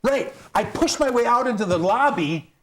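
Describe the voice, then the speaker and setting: A man's voice: extremely high pitch, normal speed. A man, a stand-up comedian and guest, telling a road story and acting out the people in it. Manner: animated, acts out the people in his stories.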